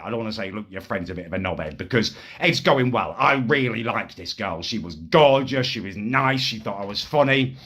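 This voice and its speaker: Husky, indignant man ranting. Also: medium pitch, pushed and bright. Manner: indignant, exasperated, crude. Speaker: comedic ranter. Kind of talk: ranting comic monologue.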